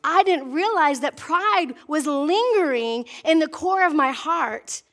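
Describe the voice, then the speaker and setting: A middle-aged woman pastor from Wisconsin preaching a sermon, telling a personal story with lively acted-out dialogue. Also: sits high, slow. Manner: animated storytelling preacher, voicing herself and God in dialogue.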